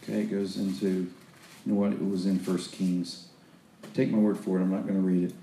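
A man's voice: low voice, little pitch movement, a little fast, mellow, echoey room, a little hiss or hum. A man preaching a sermon, retelling Bible stories in a loose, conversational way full of restarts and acted-out quotes.

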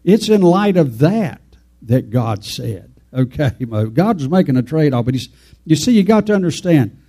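A man's voice: fairly high pitch, animated, measured pace, dark tone. A man preaching an informal, folksy sermon, rambling and talking straight to his congregation.

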